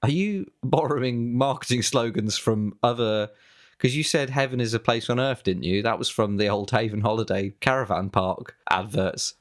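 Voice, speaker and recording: A man's voice: medium pitch, normal speed. A young man from southwest England co-hosting a comedy podcast, trading dry, mock-serious banter. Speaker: podcast co-host.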